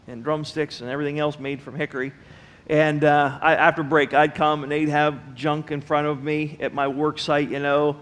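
Folksy preaching man, slightly high voice. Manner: folksy storytelling, speaks directly to the congregation. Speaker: pastor. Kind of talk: sermon. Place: church sanctuary.

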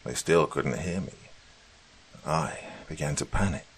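A man reading a first-person story with slow, measured, hushed delivery. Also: a bass voice, breathy edge. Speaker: narrator.

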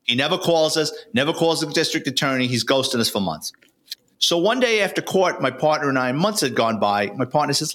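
Speaking fairly quickly in a fairly high, animated, slightly bright voice, this retired NYC detective and author shares casual stories as a guest. The older man is blunt, street-wise and colorfully profane.

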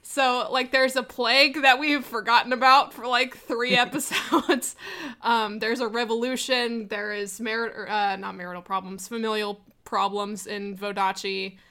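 A young woman with a high-leaning voice chats casually on a podcast, asking listener questions as a player. Her tone is level, bright and forceful, and her pace is measured. She rambles with many fillers.

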